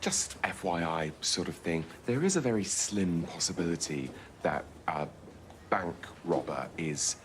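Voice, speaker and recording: A man's voice: sits low, lively intonation, measured pace, a little hiss or hum. An English actor playing a feckless, self-absorbed young man who talks in an offhand, flippant way. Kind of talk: sitcom acting.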